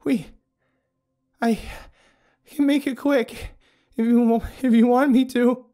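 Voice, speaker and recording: A small, scared young girl pleads in a shaky, high voice as a male narrator puts her on. She sounds anxious and close to tears. Her pitch lifts well above a man's usual speaking range. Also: fairly even intonation, takes it slowly, warm tone. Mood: tearful.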